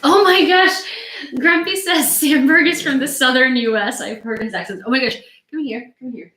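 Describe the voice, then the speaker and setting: A woman's voice: high-pitched, brisk, pushed and bright, echoey room. A woman from Ukraine hosting a casual livestream chat at home, teasing and laughing a lot. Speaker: podcast host and reporter. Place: room at home with dogs.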